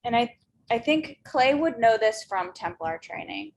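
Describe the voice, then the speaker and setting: A woman's voice: on the high side, expressive, unhurried, slight background noise, low-quality recording. A woman playing a tabletop game, explaining things matter-of-factly. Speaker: player.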